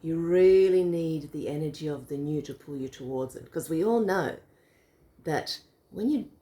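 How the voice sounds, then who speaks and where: Woman, low mellow voice, casual explainer in a home video chat. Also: normal speed. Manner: explains with a visual demo, laughs easily. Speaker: co-host. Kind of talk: casual bedtime reflection chat.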